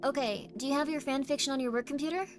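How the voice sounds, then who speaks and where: A woman's voice: high-pitched, fast talker. Teasing woman streamer over background music. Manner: teasing and playful, bursting into loud insistent demands. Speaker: livestream host. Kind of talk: casual livestream chat reading viewer messages. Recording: stream with music playing underneath. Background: clear background music.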